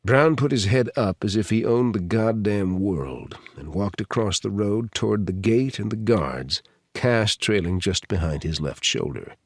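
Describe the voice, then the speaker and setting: A man reading a thriller audiobook in an expressive, dramatic manner. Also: on the low side, measured pace, slightly rough, no room sound, clean studio sound. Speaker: audiobook narrator. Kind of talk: scripted thriller narration.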